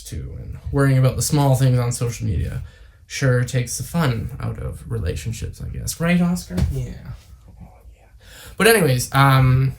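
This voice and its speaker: A man's voice: mid-range voice, gravelly. Rambling young man vlogging. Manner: rambling, lots of fillers and tangents. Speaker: YouTuber. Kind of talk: casual vlog monologue.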